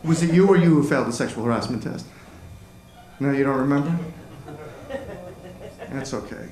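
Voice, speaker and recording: A man's voice: mid-range voice, normal speed, mellow. A man doing a self-deprecating stand-up comedy set, chatting with the audience on a comedy club stage into a handheld mic. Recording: echoey club with crowd noise. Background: laughing audience.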